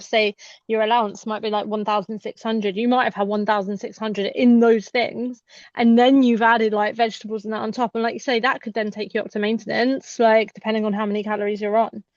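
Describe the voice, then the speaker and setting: A woman's voice: on the high side, flat delivery, brisk, no room sound. A woman co-hosting a podcast, explaining in an easy conversational way full of filler "like"s. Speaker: podcast co-host. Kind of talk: casual podcast chat. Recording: dry, muffled sound.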